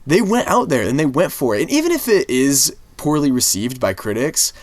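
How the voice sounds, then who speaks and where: A young man co-hosting a movie podcast, his voice sitting at an average pitch. He talks in a lively, rambling way, piling on asides and "like." The recording is dry, with little room sound. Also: no echo. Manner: animated, quick asides with lots of "like". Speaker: podcast co-host. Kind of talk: casual movie discussion.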